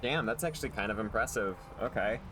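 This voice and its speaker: A man streaming live gameplay and commenting in an excitable way, swearing and jumping into loud outbursts. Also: lowish voice, quick pace, noisy background.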